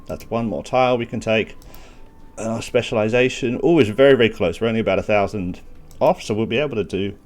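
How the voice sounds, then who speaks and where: A man's voice: on the low side, quick pace, a little mellow. A man hosting a gaming channel, talking casually through a strategy game walkthrough, thinking aloud with self-deprecating asides while he has the hiccups. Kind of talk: gameplay walkthrough commentary.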